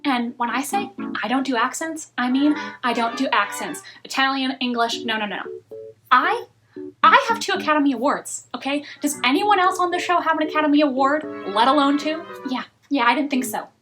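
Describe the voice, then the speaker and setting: A woman's voice: medium pitch, moderate pace, hardly any pauses, music in the background, voice pushed down, close to an everyday voice, rough recording. A woman putting on an arrogant aging male movie star who stammers out haughty refusals.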